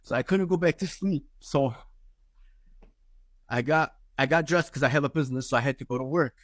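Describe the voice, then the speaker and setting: A man telling an emotional personal testimony in an intense, halting way, often searching for words. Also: mid-range voice, no echo. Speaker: person giving a religious testimony.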